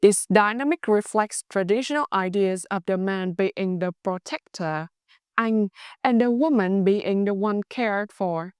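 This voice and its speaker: Clear-voiced Vietnamese-accented woman teacher. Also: medium pitch, a little slow, darkish tone, no room sound, clean studio sound. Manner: clear, patient explaining. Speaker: language teacher. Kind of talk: scripted language lesson.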